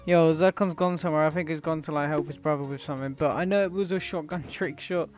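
A young British man hosting a gaming video, talking brashly to his viewers and his opponent. He swears freely, trash-talks, and has a slightly high voice. Faint music plays behind him. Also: fairly even intonation, quick pace, hardly any pauses. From Britain. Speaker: gaming YouTuber host. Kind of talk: gaming commentary with an online opponent.

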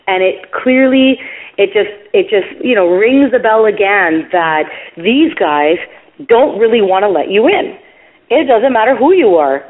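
A woman telling a long story in casual podcast chat, acting out the people she quotes. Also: mid-range voice. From Canada. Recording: tinny phone-line audio.

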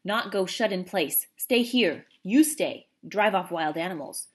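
A woman's voice: fairly low pitch, lively intonation, unhurried, breathy edge. A woman voicing a small, proud male warrior who speaks in clipped, broken phrases. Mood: urgent.

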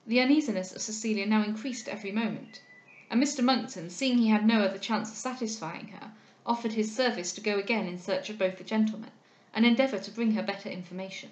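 A woman reads a classic novel aloud in a measured, steady voice. Her pitch sits in the middle range, and the recording carries a noticeable roomy echo. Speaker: audiobook reader.

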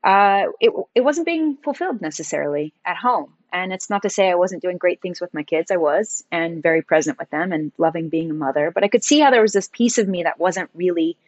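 Animated woman telling her story on a podcast. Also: fairly low pitch, a little fast, dry recording. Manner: animated, acts out quoted dialogue in her stories. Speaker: podcast guest, entrepreneur and designer. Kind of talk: storytelling interview conversation.

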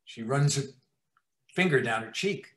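A man, a TV writer-producer, telling profane, animated stories in an interview and acting out scenes. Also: medium pitch, measured pace. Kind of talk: anecdotal storytelling in an interview. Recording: roomy echo.

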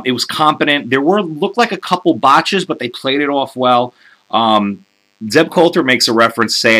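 A man's voice: lowish voice, sharp tone. A man hosting a solo wrestling recap, mocking and sarcastic, with crude jokes and frequent ums. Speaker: wrestling show reviewer.

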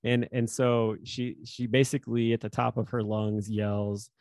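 A man's voice: mid-range voice, level tone, a little slow, darkish tone, dry recording. A man co-hosting a podcast, telling a funny story in casual chat and laughing often. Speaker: podcast co-host.

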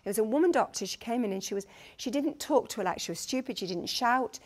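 A woman's voice: fairly high pitch, fast talker. A middle-aged woman with a Lancashire accent, a consultant midwife giving a conference talk, telling stories earnestly and eagerly with frequent restarts. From Lancashire, England. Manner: earnest, lively storytelling with many restarts. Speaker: guest speaker, consultant midwife.

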